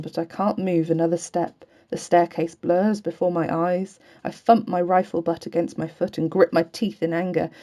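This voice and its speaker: A woman reads a novel aloud in a steady, earnest first-person voice. Her tone sits low and mellow. The delivery stays even and unhurried. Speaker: audiobook reader.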